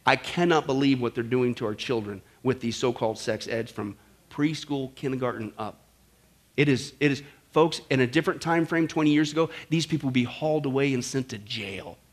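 A male pastor preaching a fiery sermon, swinging from loud declarations to low, quiet warnings. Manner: impassioned, rises to shouting then drops low.

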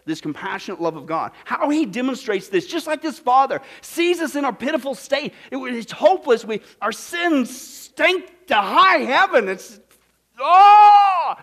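A preacher from Kansas with a high-pitched voice, delivering a sermon full of drama. He swings from loud, shouted bursts to quiet, hushed asides and acts out the characters in his story. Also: expressive, moderate pace, hardly any pauses. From Kansas, USA.

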